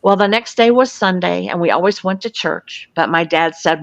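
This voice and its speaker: A woman's voice: fairly low pitch, normal speed, gravelly, hardly any pauses, no room sound. A woman in her sixties from Florida, a guest recounting a personal experience in an earnest, matter-of-fact way. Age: 60s. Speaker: guest, UFO field investigator. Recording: dull lo-fi, dry.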